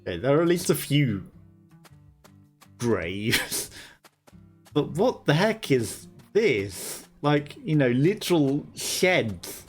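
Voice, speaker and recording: Amused, slow-talking man commentating a game. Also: a little high, big pitch swings. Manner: amused, chatty, laughs often. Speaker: let's play host. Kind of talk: gameplay commentary. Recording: voice over game music.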